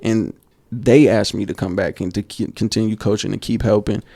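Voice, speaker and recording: A man co-hosting a basketball podcast, telling coaching stories in a casual, animated way and acting out quotes. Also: on the low side, normal speed, gravelly, slightly rough, no room sound. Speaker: podcast co-host. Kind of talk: casual storytelling chat.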